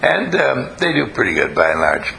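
In a rough recording with a little hiss or hum, a man with a mid-range voice teaches a class to a live group at a moderate pace. His voice has vocal fry, big pitch swings and a pushed, bright quality. He tells stories and keeps questioning and coaxing his audience.

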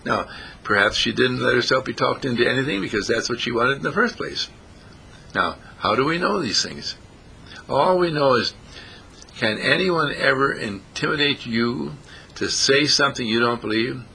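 A man's voice: medium pitch, moderate pace, gravelly, pushed and bright, slight background noise. A man preaching a folksy sermon, repeating phrases and lifting his voice on the key words. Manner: folksy, repetitive, rising emphasis on key phrases.

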